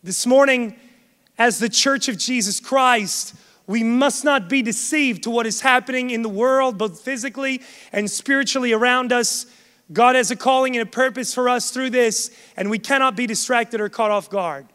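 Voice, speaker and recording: A man's voice: very high voice, normal speed, bright, forceful tone, smooth. A man preaching a sermon to a congregation, emphatic and swelling in force. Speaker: pastor. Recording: long hall reverb.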